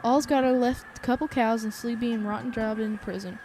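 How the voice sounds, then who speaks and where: A woman's voice: fairly high pitch, fairly even intonation, fairly quick, darkish tone, a little hiss or hum, close to an everyday voice. A woman voicing a bitter, cursing old man down on his luck, with a put-on Southern accent and a grumbling, vengeful drawl.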